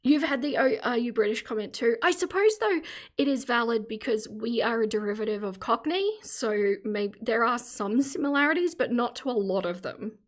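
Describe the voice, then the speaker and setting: A woman's voice: on the high side, lively intonation, moderate pace. An Australian woman hosting a live stream, chatting casually with viewers, laughing often and enunciating carefully. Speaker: livestream host.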